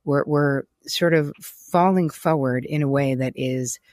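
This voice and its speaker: A woman's voice: sits low, a little slow, a little mellow, no room sound, clean studio sound. A woman hosting a podcast interview, talking in a reflective, chatty way with frequent restarts. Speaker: podcast host. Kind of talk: conversational interview.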